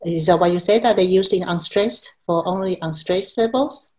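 Halting woman explaining language on a call. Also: on the low side, darkish tone. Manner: halting, many restarts, laughs at herself. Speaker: Chinese language teacher. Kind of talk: explanatory video call chat.

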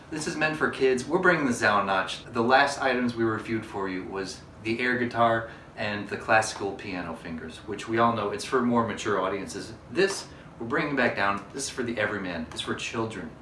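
A man's voice: lowish voice, moderate pace, pushed and bright, a little hiss or hum. Mock-earnest man hosting a comedy unboxing. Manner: mock-earnest, overexcited salesman patter. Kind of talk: mock product review. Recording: roomy echo, mic at a distance.

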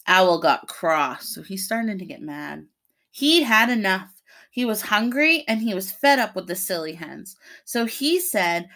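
A woman's voice: fairly low pitch, slow. A woman, a preschool teacher, reading a picture book aloud to children and explaining the pictures as she goes. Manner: explains the pictures between pages, animated.

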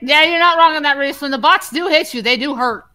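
A woman co-streaming a game, quizzical, and quick to laugh. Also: high-pitched, sharp tone. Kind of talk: gaming stream banter.

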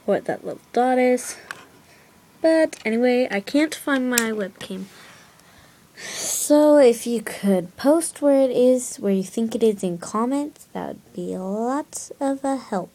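A woman's voice: a little high, mellow. A woman rambling casually in a home vlog, recorded on a handheld music player, often dropping into whispered asides. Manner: chatty, drifts into whispered asides. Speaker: new video maker. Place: at home near her bed. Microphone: handheld music player camera.

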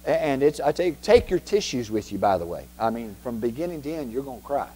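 A man's voice: mid-range voice, sing-song, fast, darkish tone, breathy edge. A man preaching a sermon as pastor, emphatic and repetitive, often asking the congregation rhetorical questions. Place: church sanctuary. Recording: long reverb from a church hall.

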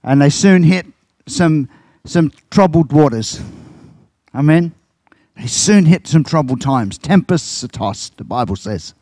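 A man's voice: lively intonation, a little slow, a little mellow, dry recording. An older man, a pastor preaching a sermon and telling stories, acting out quoted lines. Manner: storytelling, acts out quotes with big pitch jumps.

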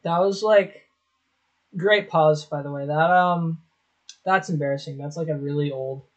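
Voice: medium pitch, measured pace, poor audio. A young adult vlogger giving casual reaction commentary on old clips, swearing often, mocking themself and laughing.

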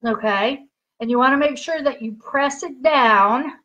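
A woman with a high voice walks viewers slowly through a beauty demo on a live stream. She chats, giggles and keeps checking in with her audience, and the audio sounds dull and lo-fi. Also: a bit bright. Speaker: livestream host demonstrating skincare patches. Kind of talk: casual live product demo.

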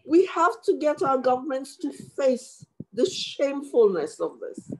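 Emotional woman commissioner at a hearing, highish voice, slow and halting, video-call sound. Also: sing-song, a little mellow, a little hiss or hum, poor audio. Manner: impassioned and emotional, many restarts. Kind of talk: formal hearing statement.

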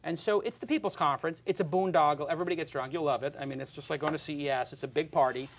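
A man's voice: a little high, fairly even intonation, very fast, slight background noise. A male podcast host chatting casually, blunt and opinionated, joking as he goes. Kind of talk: casual chat.

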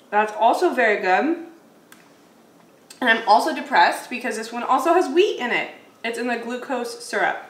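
A food vlogger with a fairly high, slightly bright voice reviews grocery snacks in a casual chat, laughing a lot and thinking out loud as she tastes. The mic sits well back in an echoey room.

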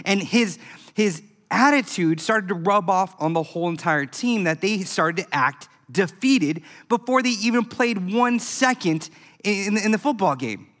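A man preaching a youth sermon, telling a story in an animated, emphatic way. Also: high voice, a little slow. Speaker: youth pastor. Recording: echoey hall.

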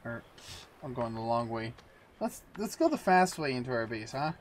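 A man's voice: mid-range voice, sing-song, moderate pace, slight background noise. A man hosting a let's-play video, chatting casually to viewers and himself while he plays. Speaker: gaming video host.

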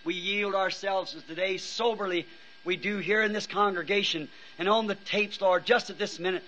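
A man's voice: high-pitched, steady tone, bright, forceful tone. Weary man preaching on an old tape. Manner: earnest, pleading, halting restarts. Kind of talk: fervent prayer and altar call. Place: church before a congregation. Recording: dull old sermon tape with faint hiss.

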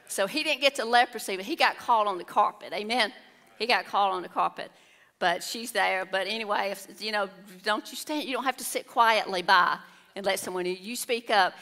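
A woman's voice: mid-range voice, moderate pace, pushed and bright. A woman preaching a sermon, telling the story with exclamations and acted-out voices. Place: church hall. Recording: long hall reverb.

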